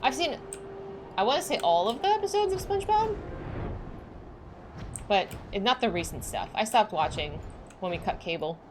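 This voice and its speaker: A woman's voice: on the high side, big pitch swings, moderate pace, pauses often, noisy background. A young woman streamer chatting casually and rambling as she plays, full of likes and restarts. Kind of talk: casual chat while livestreaming a game.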